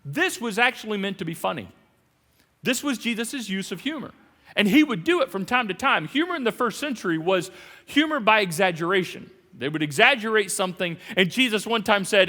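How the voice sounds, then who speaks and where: A man preaching a sermon as pastor, animated and jokey, with sudden loud emphasis. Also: sits high, a little fast, big-room sound. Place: large church hall.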